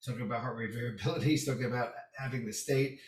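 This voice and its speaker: Animated man telling stories, roomy echo. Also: mid-range voice, racing. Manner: animated, acts out quoted voices. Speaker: podcast guest. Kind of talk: casual storytelling chat. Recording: roomy echo, distant mic.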